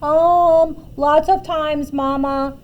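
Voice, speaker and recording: A woman voicing a big bullying male giant who yells and boasts in a storybook reading, then whimpers before his mother. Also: high-pitched, fairly even intonation, very slow, dull audio. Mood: whimpering.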